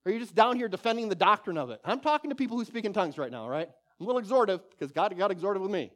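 Male preacher, high voice, fervent exhorting sermon delivery. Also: racing. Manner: exhorting, animated, repeats key phrases. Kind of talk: sermon teaching.

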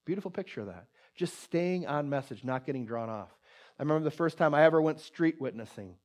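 A man's voice: on the high side, lively intonation, brisk. Conversational preacher man telling a story. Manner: conversational, many restarts, drops to a hushed voice for quoted prayer. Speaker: pastor. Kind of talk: sermon with personal story.

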